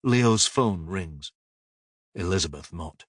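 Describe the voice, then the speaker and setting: A man reading a crime audiobook in calm, even narration. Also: lowish voice, moderate pace, no echo, studio quality. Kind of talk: scripted narration.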